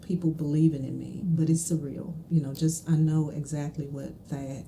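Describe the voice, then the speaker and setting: A woman's voice: low-pitched, steady tone, moderate pace, slight background noise. A woman from the Mississippi Delta, a guest on a podcast, telling reflective stories with occasional laughter. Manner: reflective, warm storytelling with laughs. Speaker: guest, trial lawyer. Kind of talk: casual conversational interview.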